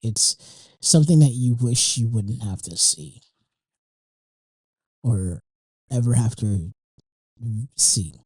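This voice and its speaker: A young man hosts his podcast in a loose, emotional monologue that is full of fillers and restarts and peppered with swearing. His voice is dark and mellow. The recording is dry and close, with no room sound. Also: medium pitch, animated, takes it slowly, pauses often, slightly rough, no room sound, poor audio. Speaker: podcast host. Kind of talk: casual monologue.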